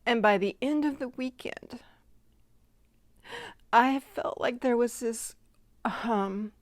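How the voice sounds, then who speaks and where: A woman giving a heartfelt personal faith testimony, speaking earnestly and gently, sometimes dropping to a soft half-whisper. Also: a little high, slow, no echo. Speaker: Christian devotional speaker.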